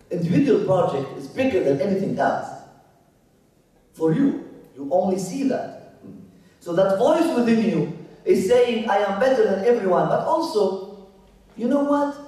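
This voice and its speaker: A man giving a spiritual lecture, emphatic, repeating his phrases and dropping from loud to hushed. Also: high-pitched. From Canada. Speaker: religious lecturer. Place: lecture hall. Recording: echoey hall, voice from far off.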